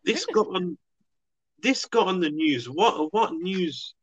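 A man's voice: high-pitched, expressive, slow. A young man co-hosting a casual podcast, cracking teasing, mock-serious jokes. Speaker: podcast co-host. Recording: dull lo-fi sound, faint noise.

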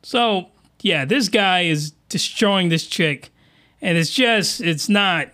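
A man hosting a podcast, giving crude, animated reaction commentary that often rises into excited yelling. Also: high voice, slow pace. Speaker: podcast host.

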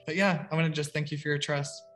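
A man's voice: a little high, little pitch movement, quick pace, music in the background. A young man working as a psychic medium, giving a casual, rambling reading full of "like" and fillers. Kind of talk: casual spoken reading on a video call.

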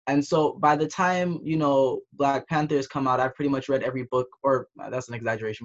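A young man from the Caribbean talking through his thoughts in a casual discussion, pausing and restarting as he goes. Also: mid-range voice. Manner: reflective, thinking aloud with restarts. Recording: dull, muffled audio.

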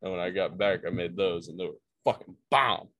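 A young man talks about his week on a podcast. His voice sits very low, and his delivery is relaxed with casual swearing. The recording is dry and close. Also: a little fast, no room sound. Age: young adult. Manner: laid-back, swears casually. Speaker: podcast co-host. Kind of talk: casual chat.

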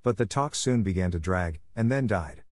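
A man narrating a classic novel in a measured, expressive storybook reading. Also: sits low, no echo, studio quality. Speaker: audiobook narrator.

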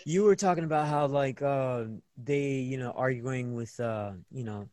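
A man interviewing a guest over a video call in a relaxed, supportive way, with many hesitant fillers. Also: mid-range voice, a little slow, no room sound.

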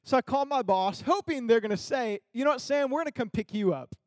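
A young man with a fairly high voice tells a story to a crowd in the style of a sermon. He laughs a lot and acts out the people he quotes. His voice is recorded close and dry. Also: lively intonation, fast talker, no room sound.

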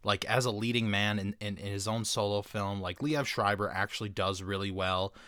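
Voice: deep voice, fairly even intonation, normal speed, fairly bright tone, clear, resonant tone, no echo, clean studio sound. A podcast co-host chatting casually about a movie, exasperated and laughing often. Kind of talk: casual movie review chat.

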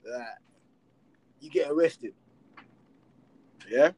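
A man with children, talking in a casual chat, animated and rhetorical with heavy street slang. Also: a little high, very slow, breathy edge. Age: adult with children.

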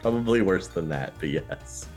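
A man narrating and refereeing a tabletop role-playing game in a relaxed way. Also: deep voice, moderate pace, soft background music. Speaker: game master.

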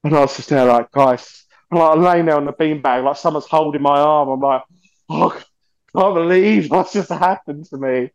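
A man, a podcast guest telling stories in a lively, swearing way and acting out the voices of people he quotes. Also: on the high side, normal speed, clean tone, no room sound, muffled recording. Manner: animated, swears often, acts out quoted voices. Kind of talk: casual storytelling interview.

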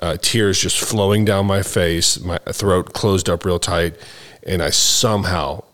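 A man's voice: low-pitched, fairly even intonation, unhurried, fairly bright tone. A man hosting a candid recovery conversation and telling his own story in an earnest, emotional way. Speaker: podcast host.

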